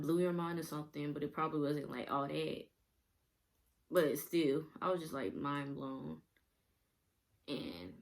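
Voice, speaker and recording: A young woman vlogger rambling through a casual storytime, laughing often and using many fillers. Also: low-pitched.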